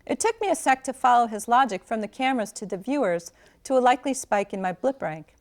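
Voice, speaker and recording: A woman author reading a first-person passage aloud from her novel, in a steady, clear storytelling manner. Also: on the high side, fast.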